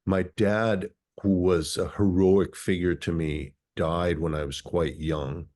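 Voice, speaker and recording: A man around sixty from Minnesota, guest in an interview. He recounts his life story in a thoughtful, philosophical way, with a notably deep, low voice. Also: level tone, takes it slowly, darkish tone. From Minnesota, USA.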